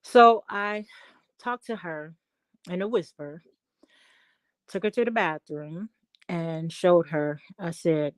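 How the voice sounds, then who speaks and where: A middle-aged woman on a call-in talk show, telling a story at length in an emphatic, animated way. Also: on the low side, slow pace, pauses often, no room sound. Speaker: guest. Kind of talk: casual chat.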